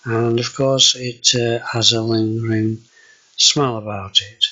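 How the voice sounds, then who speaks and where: A man's voice: medium pitch, steady tone, sharp tone, rough recording. An older man with a Yorkshire accent, hesitantly walking viewers through his kitchen in a casual home video. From Yorkshire, England. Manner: slow, hesitant, with many fillers. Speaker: vlogger.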